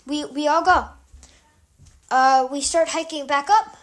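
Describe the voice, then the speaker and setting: A young woman podcast host telling a story in a calm, chatty way, loose with fillers. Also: high voice, unhurried. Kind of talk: casual storytelling.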